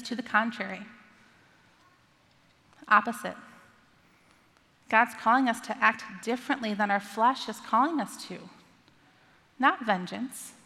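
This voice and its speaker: A woman's voice: on the high side, bright, forceful tone. Earnest woman preaching in a reverberant hall. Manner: earnest, asks the congregation questions. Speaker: pastor. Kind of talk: sermon.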